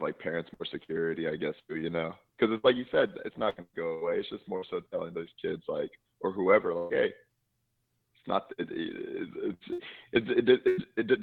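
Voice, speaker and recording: A man's voice: low-pitched, gravelly. A man co-hosting a casual podcast chat who rambles, swears freely and laughs often. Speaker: podcast co-host. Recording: tinny phone-like sound.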